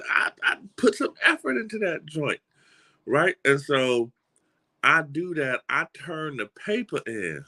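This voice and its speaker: A middle-aged man with a Southern US accent gives a motivational talk in an animated, folksy storytelling style, often restarting and repeating words. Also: on the high side. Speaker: motivational speaker.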